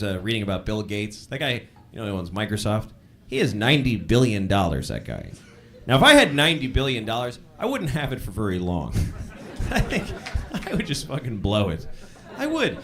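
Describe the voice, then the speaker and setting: A man doing a stand-up routine, rambling and musing out loud. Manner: rambling, musing, wildly varying pitch. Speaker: stand-up comedian. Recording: live club with crowd noise.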